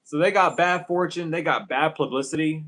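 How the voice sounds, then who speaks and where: A man's voice: a little high, normal speed, a bit bright, a little hiss or hum, rough recording. A man doing a casual tarot reading for viewers, ranting and swearing as he talks straight to them. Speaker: tarot reader.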